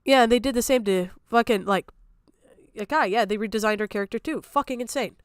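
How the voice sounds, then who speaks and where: High-voiced woman ranting angrily. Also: a little fast, clear, resonant tone, no room sound. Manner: heated, profane, repeating her points. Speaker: streamer. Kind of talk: angry reaction rant.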